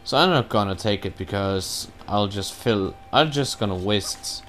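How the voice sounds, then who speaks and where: A man's voice: on the low side, animated, measured pace, a bit bright, faint music behind. A man giving casual, rambling commentary while he plays a video game, cursing now and then at his own mistakes. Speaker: let's play gamer.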